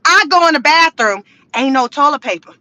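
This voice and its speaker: A woman's voice: high voice, a little fast, no room sound. A woman vlogger telling stories in a car, talking casually with lots of slang, cursing and laughter. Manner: animated, profane, laughing, slangy. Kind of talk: casual storytelling to camera.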